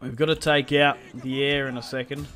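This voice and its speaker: A man's voice: medium pitch, little pitch movement, moderate pace, fairly bright tone, soft background music. Man muttering battle orders. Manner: chatty, muttering orders to his troops. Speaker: gaming video creator. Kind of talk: casual gameplay commentary.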